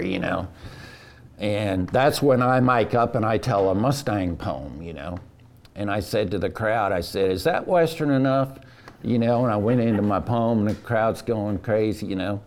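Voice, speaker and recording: A man telling a rodeo story in a casual, folksy, animated way. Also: fairly low pitch, slight background noise. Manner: folksy drawl, animated retelling.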